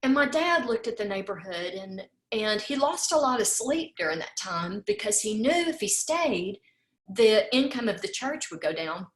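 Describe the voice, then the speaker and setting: A woman's voice: medium pitch, sing-song, normal speed, reverberant. A woman giving a heartfelt, tearful farewell speech as host of an online talk, repeating her words and saying y'all.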